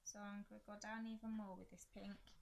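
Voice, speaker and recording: A woman's voice: mid-range voice, flat delivery, brisk, creaky, low-quality recording. A young woman chatting casually about her crafts while getting over a chest infection, rambling and poking fun at herself. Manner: chatty, rambling, self-deprecating. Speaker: crafting podcast host. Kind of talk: casual chat.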